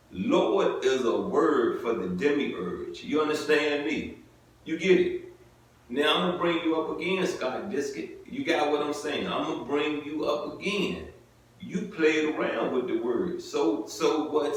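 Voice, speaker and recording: A man reading scripture aloud and commenting on it in a loose, conversational way, often asking "you get it?" and using informal everyday grammar. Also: fairly high pitch. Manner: conversational, repeats "you get it?" and "come on now"; informal vernacular speech. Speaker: preacher. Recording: very echoey, mic at a distance.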